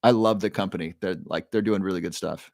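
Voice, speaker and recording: A man's voice: low voice, fairly quick, creaky, no room sound, studio quality. A man hosting a live stream, talking casually with his chat, guiding a breathing exercise and answering viewers' questions by name. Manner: relaxed, guides breathing, reads chat names aloud. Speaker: livestream host.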